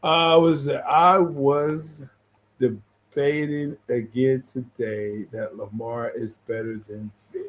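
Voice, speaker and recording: A man's voice: mid-range voice, steady tone, slow pace. A man co-hosting a casual sports debate show, blunt and teasing, laughing often as he argues his points. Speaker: co-host.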